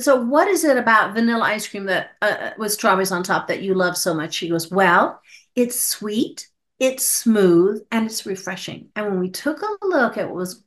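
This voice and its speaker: A woman who is a psychologist guest on a podcast interview, telling stories and acting out her clients' lines with animated shifts of voice. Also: medium pitch.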